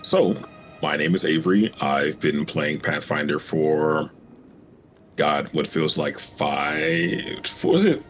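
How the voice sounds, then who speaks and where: A man's voice: very deep voice, lively intonation, slow pace, soft background music. A man casually introducing his tabletop character in an easygoing, rambling way. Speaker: player.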